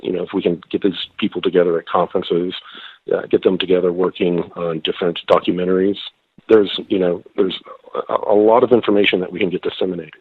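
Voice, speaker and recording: A slightly hoarse man calling in by phone as a guest, talking hesitantly with many fillers and restarts. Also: sits low, flat delivery, fast, no echo. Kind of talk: phone-in interview. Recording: tinny phone line.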